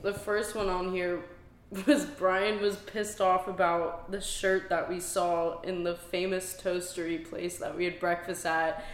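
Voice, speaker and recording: A woman's voice: on the low side, flat delivery, a little slow, echoey room. A woman in casual podcast chat, reading items off a list and giggling between them. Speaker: tour crew member.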